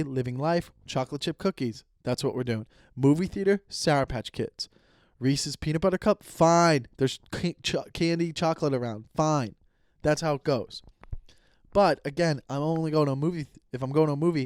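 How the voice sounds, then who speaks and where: Male comic in his 30s, solo podcast host; slightly high voice, loose rambling rant delivery, dead-dry close mic. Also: no room sound. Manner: rambling, animated, swears casually.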